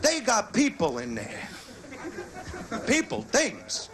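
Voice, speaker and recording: Crude swaggering comic guy on stage, high lively voice, live club tape with crowd noise. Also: takes it slowly. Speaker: stand-up comedian. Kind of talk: stand-up routine. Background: audience laughter.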